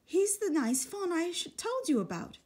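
A woman's voice: extremely high pitch, big pitch swings, moderate pace, a little mellow, voice pushed up. A woman voicing a small, cheerful young girl in a storybook reading. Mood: eager.

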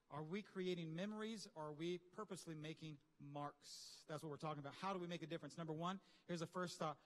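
A man preaching a lively, conversational sermon with slang and asides to his congregation. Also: on the high side, fast, hardly any pauses, big-room sound. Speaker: pastor. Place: large church hall.

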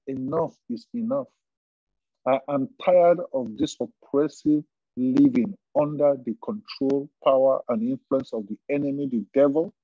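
A man preaching a sermon as pastor, fervent, with repeated phrases and emphatic pauses. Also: mid-range voice, dark tone, no echo, lo-fi sound.

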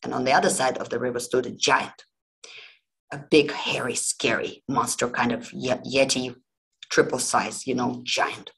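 Gravelly woman hosting a history podcast. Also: very deep voice, steady tone, normal speed, fairly bright tone, poor audio. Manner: chatty, informal, many asides. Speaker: podcast host. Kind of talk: casual storytelling.

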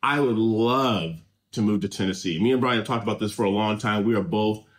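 A man's voice: on the low side, a little fast. A middle-aged man from Southern California, co-hosting a casual reaction show and reading viewer comments aloud in an easygoing, rambling way.

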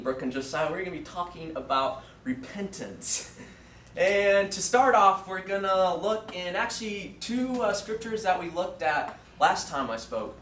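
A young man giving a student sermon in a classroom. He tells a childhood story earnestly, with frequent fillers and pauses. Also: high-pitched, fairly bright tone, slight background noise. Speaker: student preacher. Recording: roomy echo from far off.

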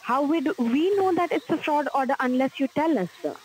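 A woman's voice: high voice, expressive, normal speed, darkish tone, slight background noise. A woman making a scam phone call, speaking patiently and in scripted phrases. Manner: patient, scripted, repeats "sir". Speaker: scam caller.

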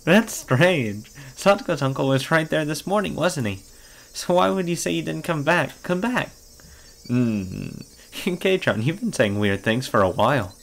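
A man's voice: fairly high pitch, expressive, measured pace, vocal fry, pitched above the performer's own voice. A man voicing a sweet-voiced teenage girl with a creepy undertone, who keeps pressing with singsong questions. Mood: probing.

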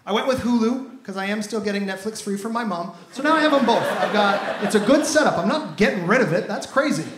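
A man's voice: sits high, lively intonation, fast, background noise. A man in his thirties performing an upbeat stand-up comedy set on stage. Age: 30s. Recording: echoey stage sound.

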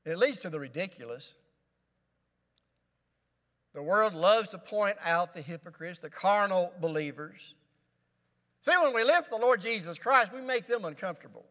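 A man's voice: sits high, expressive, normal speed, long pauses, sharp tone. Man, pastor, preaching a sermon, emphatic, rhetorical questions, church sanctuary, long echo.

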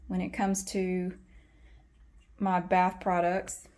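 A woman's voice: medium pitch, normal speed. A woman chatting casually in a home vlog, switching into sing-song baby talk when she speaks to her cats. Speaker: vlogger. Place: at home, in a bathroom.

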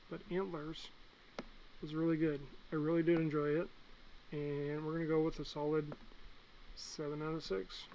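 Blunt, excitable young man ranking movies. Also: on the high side, a little hiss or hum, poor audio. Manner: blunt, excitable, swings loud and soft. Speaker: movie reviewer. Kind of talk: casual movie ranking vlog.

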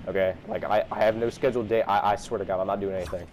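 A young man giving slangy, excitable gameplay commentary, trash-talking opponents as he plays. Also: low voice, very fast. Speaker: gaming YouTuber. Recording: noisy game audio behind. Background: game sounds.

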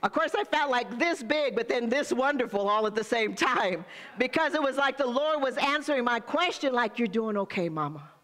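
A woman's voice: high voice, moderate pace, fairly bright tone, long reverb tail. An older woman pastor preaching a sermon, speaking straight to the congregation with call-and-response asides.

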